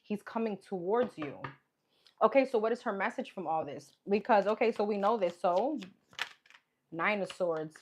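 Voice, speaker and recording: A woman talks through a tarot reading in a loose, musing way, speaking her thoughts aloud and circling back with "okay" as each card comes up. Her voice sits at an ordinary middle pitch for a woman. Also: normal speed, slight background noise. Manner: chatty, musing, repeats "okay" and "what's coming up" while pulling cards. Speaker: tarot reader.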